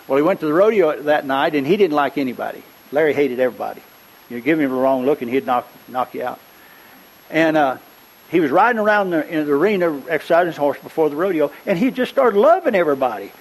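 An older male preacher drifts through his sermon in a loose, chatty way, stopping now and then to clear his throat. His voice sits at an ordinary middle pitch, and he tells his stories in a homespun style. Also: a little mellow, rough recording. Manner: rambling, conversational, frequent throat-clearing. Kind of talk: folksy storytelling sermon.

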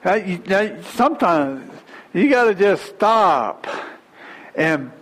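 A man preacher delivering a sermon, retelling a scripture story with animated, drawn-out emphasis. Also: high-pitched, poor audio.

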